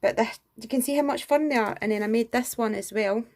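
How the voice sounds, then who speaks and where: A woman's voice: on the high side, fairly quick, a little mellow. A woman in a casual show-and-tell craft review, gushing and enthusiastic, full of exclamations. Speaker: craft vlogger.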